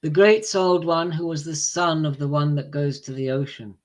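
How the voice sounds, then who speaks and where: A man reading an ancient epic aloud to a group. He reads in a measured, deliberate way and pauses between phrases. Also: on the high side. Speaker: reader of scripture to a group.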